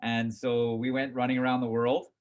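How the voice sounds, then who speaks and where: Animated middle-aged man telling stories. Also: medium pitch, normal speed. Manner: animated, self-mocking, acts out his past reactions. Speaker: company chairman and CEO. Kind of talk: casual storytelling in an interview.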